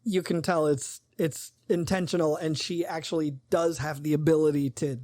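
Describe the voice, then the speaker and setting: A co-host chatting casually with friends, eager and quick to agree, steering the conversation with questions. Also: mid-range voice, steady tone, darkish tone, no room sound, clean studio sound. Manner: enthusiastic, quick to agree and laugh. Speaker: podcast co-host. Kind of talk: casual chat.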